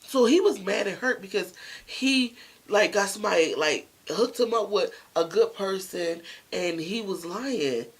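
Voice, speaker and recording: Gravelly, chatty storytime vlogger. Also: mid-range voice, a little slow, low-quality recording. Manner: chatty, speaks straight to viewers. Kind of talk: casual storytime.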